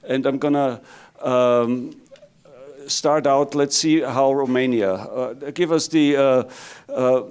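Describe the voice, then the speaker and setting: A man's voice: mid-range voice, takes it slowly, darkish tone, clear, resonant tone. A man with a German accent moderates a conference panel. His voice sits mid-range, and he restarts his phrases often, putting questions with a light joking touch.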